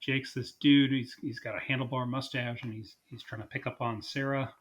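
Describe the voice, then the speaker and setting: Husky-voiced man in casual podcast chat. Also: mid-range voice, fairly even intonation. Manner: halting, repeats words. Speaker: podcast co-host.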